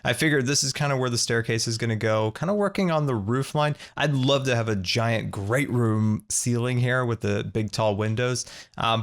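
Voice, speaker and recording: A man in his thirties hosting a video game let's play, talking through his building and his pranks in a playful, animated way. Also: medium pitch. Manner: animated, playful, narrates his own moves. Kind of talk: gameplay commentary.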